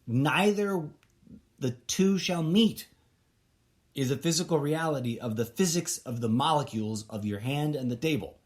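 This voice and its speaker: Hosting his own podcast, this man rambles casually, restarting sentences and wandering into asides as he thinks aloud. His voice is a little high and his speed normal.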